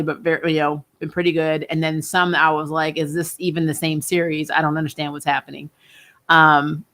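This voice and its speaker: A chatty young woman with a fairly low voice runs a casual live-stream, answering viewers in loose, rambling sentences. She laughs often and leaves thoughts half-finished. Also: a bit bright. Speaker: host of a TV review channel. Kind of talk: casual live-stream chat reading comments.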